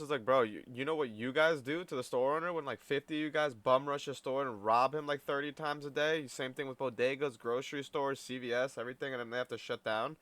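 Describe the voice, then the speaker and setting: A man's voice: medium pitch, steady tone, quick pace, few pauses, fairly bright tone, dry recording. A man streaming a reaction video, talking bluntly and swearing a lot, calling people dude and bro. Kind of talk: profane reaction commentary.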